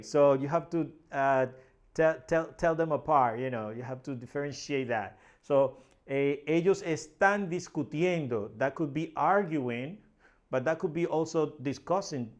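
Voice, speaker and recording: A man, a Spanish native speaker, teaching a language lesson in English, explaining step by step and often repeating words and checking with "right?". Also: a little high.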